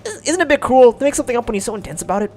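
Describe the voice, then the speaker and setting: A young man hosting a let's play, reading a visual novel aloud and breaking in with excited jokes. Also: very high-pitched, rapid-fire. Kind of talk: casual gameplay narration.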